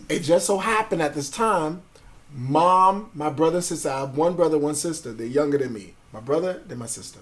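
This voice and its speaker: Man in his 40s, guest telling stories in street slang, voice sits a bit high. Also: normal speed. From Brooklyn, New York. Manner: animated storyteller, acts out voices of family and police; swears freely, street slang. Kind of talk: casual storytelling interview.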